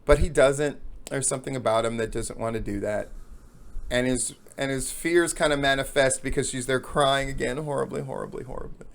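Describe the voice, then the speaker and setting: A man hosting a talk, telling a long joke as an animated storyteller who acts out the characters. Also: mid-range voice, normal speed. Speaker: podcast host.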